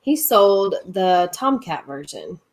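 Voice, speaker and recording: A woman's voice: fairly low pitch, sing-song, takes it slowly. A woman co-hosting a casual livestream, reading out viewer comments and laughing along. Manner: reads out chat comments, laughs often. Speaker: livestream co-host. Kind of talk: casual live chat.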